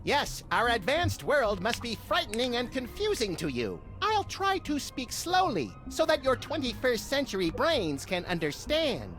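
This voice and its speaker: An actor voicing a brash, excitable young rabbit-like creature in a video game, bratty and mocking. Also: medium pitch, measured pace, hardly any pauses. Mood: smug. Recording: game audio under music.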